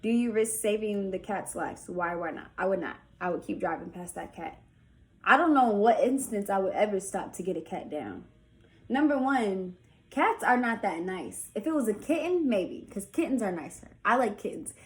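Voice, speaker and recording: Speaking at a normal pace in an expressive, medium-pitched voice, a young woman takes viewer questions in a casual vlog. She comes across as chatty and candid and leans heavily on "like," while faint music plays in the background early on.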